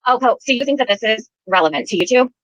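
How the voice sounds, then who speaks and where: Fast, profane woman demanding answers. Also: a little high, expressive, a bit bright, no room sound, rough recording. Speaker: livestream host. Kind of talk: heated livestream argument.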